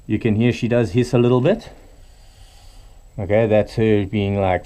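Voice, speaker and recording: A middle-aged man speaks in a fairly low, mellow voice, relaxed and casual as he explains how he handles a large snake. He sometimes drops to a soft murmur while talking to the animal. The tone stays easygoing and practical, like a keeper showing his work. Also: moderate pace, clear, resonant tone. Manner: relaxed, talks softly to the snake. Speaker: reptile keeper. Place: indoors at a snake enclosure.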